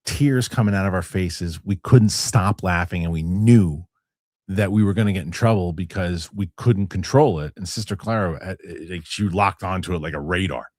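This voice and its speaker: Deep-voiced man telling stories on a talk show. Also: normal speed, dry recording, studio quality. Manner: animated storyteller, many restarts and fillers. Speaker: show host. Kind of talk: casual chat.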